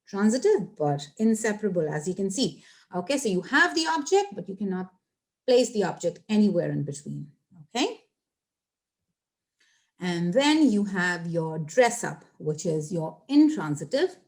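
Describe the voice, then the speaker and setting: A young woman teaching English phrasal verbs in a chatty, repetitive way, addressing viewers directly. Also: fairly low pitch. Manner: chatty, repeats points, addresses viewers as guys. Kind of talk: casual online grammar lesson.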